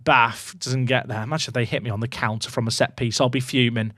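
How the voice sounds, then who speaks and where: A man streaming a football management game, talking to his chat and swinging from low muttering to excited shouts. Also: fast, no room sound, studio quality. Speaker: gaming streamer. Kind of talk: live game commentary to chat.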